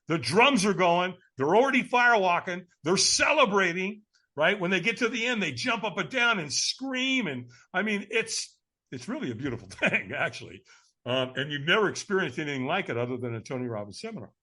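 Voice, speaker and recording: Animated storytelling man, high and lively. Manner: energetic, emphatic, laughs often. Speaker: guest speaker.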